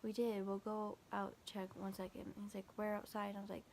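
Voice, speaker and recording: A young woman vlogger casually retells a scary night, her medium-pitched voice monotone and gravelly at a normal speed. She quotes texts back and forth with constant "I was like" and "he's like," rambling with lots of "like," fillers and frequent restarts. A little hiss or hum runs underneath.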